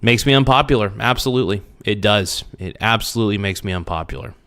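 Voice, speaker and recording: A man's voice: lowish voice, quick pace, a bit bright, smooth. Blunt, profane young man ranting. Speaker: livestream host. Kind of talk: casual livestream rant.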